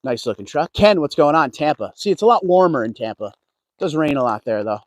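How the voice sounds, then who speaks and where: A man's voice: fairly high pitch, lively intonation, fairly quick, no echo. A man walking a dealership lot on a casual livestream, chatting with viewers and greeting them by name. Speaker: car vlogger. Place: outdoors at a car dealership lot.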